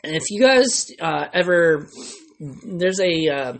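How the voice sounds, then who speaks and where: Slow and expressive, a man with a slightly high voice hosts a podcast, chatting casually and telling a rambling story packed with fillers.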